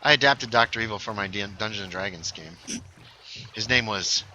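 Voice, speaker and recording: Bright-voiced chatty male streamer. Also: fairly low pitch, a little fast, dull audio, a little hiss or hum. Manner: easygoing, chatty, laughs often. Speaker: streamer playing Minecraft with a friend. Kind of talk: casual gameplay chat.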